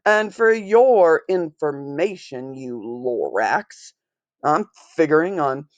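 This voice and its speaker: A woman's voice: fairly low pitch, dry recording, dull audio. A woman voicing a greedy, stubborn male factory owner who talks back defiantly, read from a storybook. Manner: defiant, blustering. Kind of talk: storybook reading.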